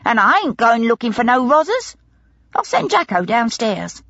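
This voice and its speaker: Casting: woman doing a loud, tart woman, husky, muffled audiobook sound. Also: on the high side, very animated, normal speed, no room sound, pitched above the performer's own voice, heavily acted. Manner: tart, indignant. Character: brash large blonde London landlady-lodger woman.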